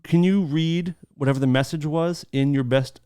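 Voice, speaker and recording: A man's voice: fairly high pitch, moderate pace, dark tone, clear, resonant tone. A man hosting a podcast in casual chat, teasing and joking, swearing freely. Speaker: podcast host.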